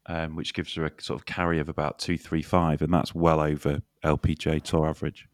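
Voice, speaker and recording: A man from Lincolnshire with a very deep voice hosts a golf podcast, and the room sounds dry and close. He chats in a jokey, teasing way and throws in quick asides. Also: little pitch movement, dry recording. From Lincolnshire, England. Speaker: podcast host. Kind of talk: casual podcast chat.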